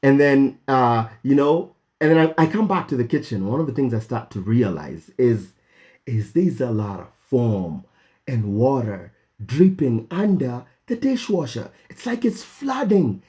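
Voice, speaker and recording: A young Kenyan man telling a story for his vlog in an animated way, jumping high in pitch when he quotes himself, with lots of fillers and restarts. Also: measured pace. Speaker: vlogger.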